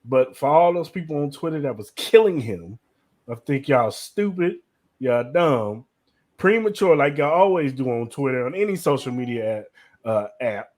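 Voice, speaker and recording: A man's voice: medium pitch, animated, normal speed, a little mellow. A young man co-hosting a podcast who speaks his mind bluntly in casual slang. His voice sits in an ordinary middle range. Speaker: podcast co-host. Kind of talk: casual chat.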